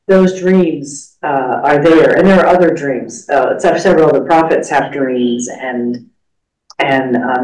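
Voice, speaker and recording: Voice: medium pitch, a little mellow. A class leader teaching a church study class, talking in a conversational, rambling way with fillers. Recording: echoey room, far from mic.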